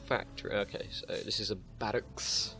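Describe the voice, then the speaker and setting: A young man giving casual commentary on a strategy game, swearing freely and muttering to himself. His voice sits fairly low, and faint game music plays behind him. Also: steady tone, normal speed, vocal fry. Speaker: gaming channel host. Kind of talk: let's-play commentary.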